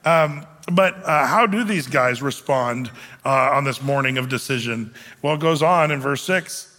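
A man's voice: mid-range voice, measured pace, sharp tone, long reverb tail. A male pastor preaching a casual, conversational sermon, with frequent fillers and restarts, acting out the lines he quotes.

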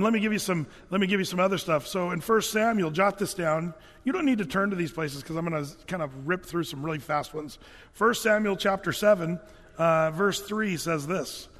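A man's voice: high-pitched, long reverb tail. A man preaching a sermon in a church, conversational and jokey, with frequent restarts. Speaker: pastor. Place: church sanctuary.

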